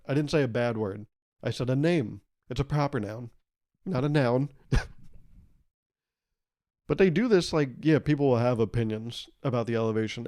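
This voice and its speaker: A man's voice: mid-range voice, darkish tone. Young male podcast host, rambling comic monologue, swears freely. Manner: rambling, joking, laughs often, swears. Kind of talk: casual solo podcast monologue.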